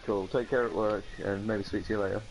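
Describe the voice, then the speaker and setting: A man's voice: on the low side, steady tone, a little fast, a loud crowd, poor audio. A man joking and laughing with friends over a voice call during a game. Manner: laughing, jokey, playful. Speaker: friend on voice chat. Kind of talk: casual chat over voice call.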